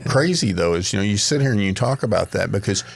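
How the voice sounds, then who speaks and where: A man with a very deep, gravelly voice co-hosts a casual podcast chat. He talks in a measured, reflective way. He uses many fillers as he thinks. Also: expressive. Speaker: podcast co-host.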